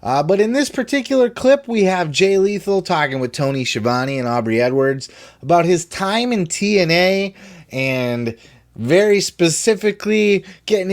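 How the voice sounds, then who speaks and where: A man hosting a podcast, talking casually and excitedly, with loud whooping bursts and some swearing. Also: fairly high pitch. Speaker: podcast host.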